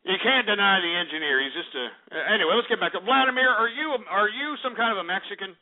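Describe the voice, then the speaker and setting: Brash high-voiced talk radio host. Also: male voice, expressive, fast. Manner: brash, insulting, rambling with many fillers. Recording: tinny phone-like radio sound.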